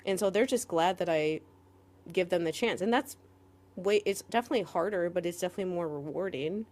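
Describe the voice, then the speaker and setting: A woman co-hosting a podcast in casual chat, rambling with lots of "like" fillers and quick laughs. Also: on the low side, a little mellow. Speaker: podcast co-host.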